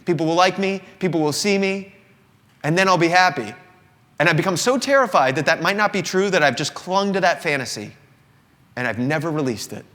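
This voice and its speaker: A man's voice: fairly high pitch, animated, a little fast, a bit bright. Earnest man in his thirties, confessional. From Southern United States. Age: 30s. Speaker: singer-songwriter performing a live show. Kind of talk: confessional monologue to a live audience. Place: indoor company showroom with an audience. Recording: long reverb of a live room.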